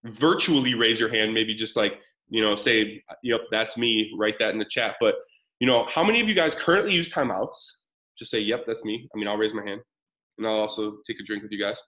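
A man's voice: on the low side, a little fast, bright, forceful tone, low-quality recording. A man in his thirties presenting a live parenting webinar, talking casually and energetically while answering chat comments.

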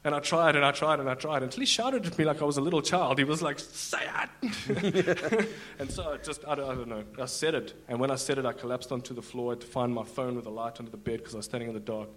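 Guy telling his church testimony into a stage mic, halting, lots of uhs and restarts. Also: mid-range voice, a bit bright, slight background noise. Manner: halting, many fillers and restarts. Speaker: guest giving a testimony. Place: church in front of a congregation.

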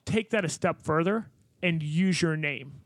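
A man with a fairly high voice co-hosting a podcast, pushing blunt, profane motivational advice with repetition and emphasis. The recording is dry and close. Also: a little slow, dry recording. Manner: emphatic, motivational, swears freely. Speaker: podcast co-host. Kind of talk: casual chat.

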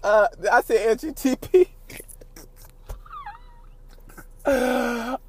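A man with a high-pitched voice talks in a loose, unscripted monologue. He is animated and profane, jumping from loud, excited bursts to low, quiet asides. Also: unhurried. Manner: animated, profane, laughs often, swings loud and soft. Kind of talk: casual monologue.

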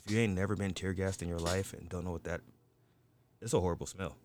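A man's voice: sits low, steady tone, fast, a little mellow. A man in casual group chat, telling a rambling, profane story packed with "you know" and "like". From United States.

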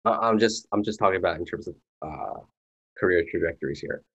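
A man's voice: sits low, expressive, fairly quick, vocal fry, a bit bright, slightly rough, dull audio. A man co-hosting a casual podcast, talking earnestly and rambling with lots of fillers. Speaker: podcast co-host. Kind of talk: casual chat.

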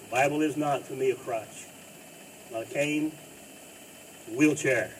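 A man preaching a sermon, this pastor speaks in a mid-range voice at an unhurried pace, alternating forceful bursts with quiet drops. He's captured from a distance on a mic with faint background noise.

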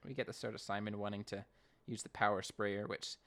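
A man co-hosting a casual recap podcast, jokey and animated, often acting out lines. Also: lowish voice, brisk. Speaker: podcast co-host.

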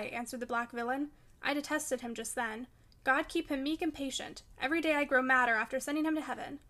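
Woman reading an old novel aloud, high voice, steady and expressive. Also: brisk. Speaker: audiobook narrator. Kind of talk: audiobook reading of a classic novel.

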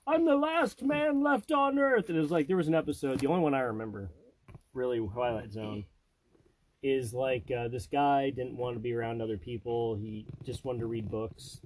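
A man in his thirties, a podcast host and father, telling stories in animated, casual chat, slipping into voices and laughing. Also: mid-range voice, moderate pace, a little hiss or hum, low-quality recording.

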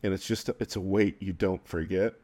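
A man telling a personal story in an interview, halting and tearful, breaking into soft laughs and trailing off. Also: low voice, steady tone. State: crying at times. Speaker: guest.

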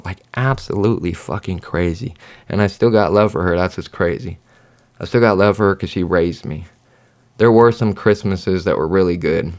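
A man hosting his own podcast, telling his life story in a blunt, profane, rambling monologue. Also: lowish voice. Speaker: podcast host. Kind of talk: candid personal monologue.

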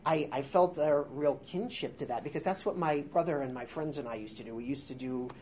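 A man in his forties with a high-pitched voice, a guest improviser telling rambling, self-deprecating stories in a casual interview before a live audience. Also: a little fast, a little mellow, a little hiss or hum. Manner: rambling, self-deprecating, with filler words and restarts. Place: theater workshop space before a live audience.

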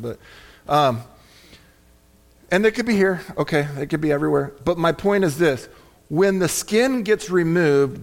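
Male pastor, fairly high voice, emphatic sermon delivery with repeated phrases and offhand asides.

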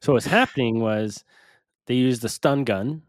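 A young man co-hosting a podcast, talking in a relaxed, casual way and thinking out loud. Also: mid-range voice, measured pace, no room sound. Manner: relaxed, thinks aloud with fillers. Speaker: podcast co-host. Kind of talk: casual chat.

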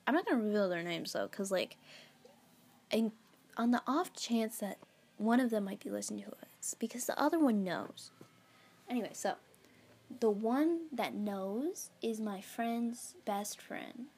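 A woman's voice: medium pitch, gravelly, a little mellow, slightly rough. A teenage girl chatting on her own podcast at home, rambling with lots of fillers and giggles. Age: teens. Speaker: podcast host. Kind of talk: casual solo podcast chat. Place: at home, lying on her bed.

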